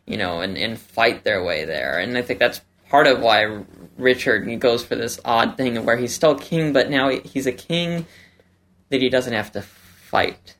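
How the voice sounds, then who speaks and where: A man's voice: medium pitch, unhurried, fairly bright tone. A man co-hosting a casual book club podcast, chatty and rambling with many fillers. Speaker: podcast co-host.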